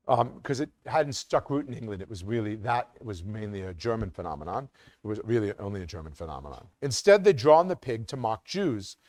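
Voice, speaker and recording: A man's voice: mid-range voice, darkish tone, dry recording. A middle-aged man giving a community lecture as an academic, speaking with occasional ums and restarts. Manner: reads quotes with sing-song emphasis, some restarts and ums.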